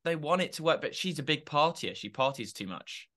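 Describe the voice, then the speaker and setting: Brief: young male co-host, rambling casual banter, bright forward tone. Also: on the high side, animated, fairly quick. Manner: rambling, self-deprecating, addresses listeners. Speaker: podcast co-host. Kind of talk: casual chat.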